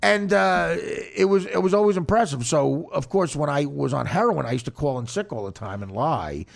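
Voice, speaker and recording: Male podcast host, gravelly and expressive, self-mocking storyteller who stammers. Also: on the high side, moderate pace. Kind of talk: casual storytelling chat.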